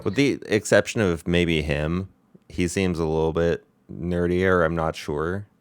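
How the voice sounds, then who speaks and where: A man's voice: low voice, fairly even intonation, measured pace, clean tone, dry recording. A man streaming his reactions to a reality show, blunt and incredulous, swearing casually.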